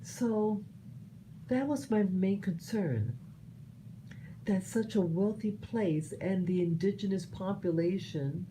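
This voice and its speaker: A woman from the United States giving her personal commentary, earnest and halting, often restarting her sentences. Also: mid-range voice, warm tone, slight background noise, low-quality recording. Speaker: vlogger sharing opinions.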